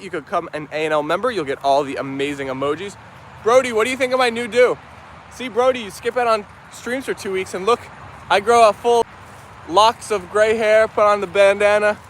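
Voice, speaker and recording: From an outdoor yard shared with dogs and chickens, a man streams live in an easygoing, upbeat way, naming viewers and reading their comments aloud. His high voice has a fairly bright tone, with a little hiss or hum on the audio.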